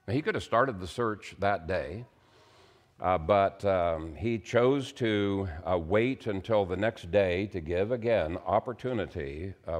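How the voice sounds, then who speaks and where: A pastor preaching a sermon in a measured, earnest manner, with frequent pauses. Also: male voice, fairly low pitch.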